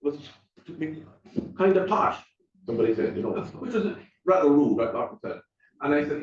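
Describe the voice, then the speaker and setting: A man's voice: on the high side, expressive, moderate pace. An older Irish man, a retired teacher, telling local stories in a wry, rambling, casual way. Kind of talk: casual storytelling talk. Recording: echoey room, distant dull mic.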